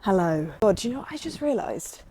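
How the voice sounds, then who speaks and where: A young woman talks to her phone camera outdoors, chatty and upbeat, with plenty of fillers. Her voice is mellow and warm. A faint hum of outdoor ambience sits behind her. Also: medium pitch, very animated, brisk. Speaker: vlogger. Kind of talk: casual vlog chat. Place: outdoors on a run and walk.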